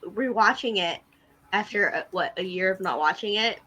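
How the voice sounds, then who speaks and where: A woman's voice: mid-range voice, moderate pace, bright, forceful tone, rough recording. A woman co-hosting a casual fan podcast, laughing often and swearing casually. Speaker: podcast co-host.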